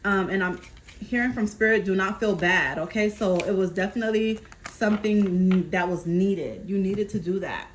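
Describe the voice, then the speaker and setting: In a rough recording with a little hiss or hum, a woman with a mid-range voice talks at a normal speed while giving a casual tarot reading to camera. She's reassuring, channels messages from spirit in a continuous flow, and often pauses to ask "okay?"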